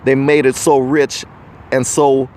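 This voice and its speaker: A man's voice: mid-range voice, little pitch movement, slow, a little mellow. An American man hosts his own show with an emphatic, preachy monologue aimed straight at the listener. His voice sits in an ordinary middle register. Faint street traffic hums behind him outdoors. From United States. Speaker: podcast host. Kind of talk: opinion monologue addressed to the viewer.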